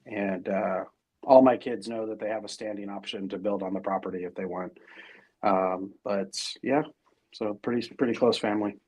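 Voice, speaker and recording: A man's voice: lowish voice, steady tone, normal speed, a little mellow, slightly rough. A middle-aged man as interview guest, talking casually and rambling with many fillers and restarts.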